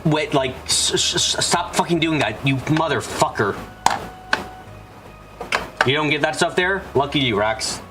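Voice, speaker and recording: A man's voice: on the high side, lively intonation, unhurried, pauses often. A man streaming a video game, ranting casually and profanely while answering chat, with faint game music behind him. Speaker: gaming streamer. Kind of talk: casual let's-play commentary.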